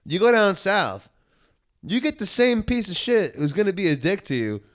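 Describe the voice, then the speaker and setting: A fairly high-voiced man tells road-trip stories on a podcast. He swears constantly, talks in an animated rush and slips into mocking put-on voices. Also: moderate pace. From New York. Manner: profane, animated storytelling; puts on mocking voices in quotes. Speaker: podcast co-host. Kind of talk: casual chat.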